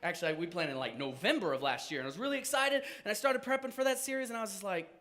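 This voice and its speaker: A man's voice: sits high, racing, hardly any pauses. Chatty, upbeat male pastor. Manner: conversational, self-joking, animated. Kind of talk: casual sermon.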